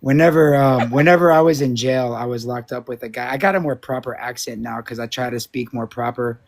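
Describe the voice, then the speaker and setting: A man's voice: mid-range voice, steady tone, a little fast, a little hiss or hum, natural voice. A male live stream co-host putting on a slangy New York street voice. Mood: boastful.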